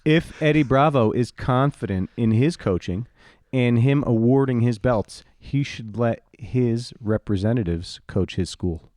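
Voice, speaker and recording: A man's voice: medium pitch, measured pace, a little mellow, dry recording, clean studio sound. A man co-hosting a podcast in casual chat, arguing his opinions firmly and sticking to them. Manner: argumentative, opinionated. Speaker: podcast co-host.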